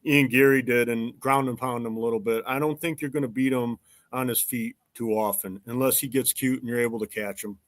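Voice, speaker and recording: A man's voice: mid-range voice, fairly even intonation, a little fast, dry recording. A man hosting a casual sports chat, rambling and correcting himself as he talks. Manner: rambling, self-correcting, chatty. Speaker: podcast host.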